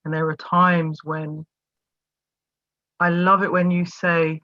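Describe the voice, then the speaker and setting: A woman's voice: low-pitched, steady tone, measured pace, no room sound. A woman taking part in an online class, sharing her thanks in an earnest, grateful way over a video call. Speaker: class participant. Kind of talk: heartfelt sharing in a class circle. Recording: dull lo-fi video call audio.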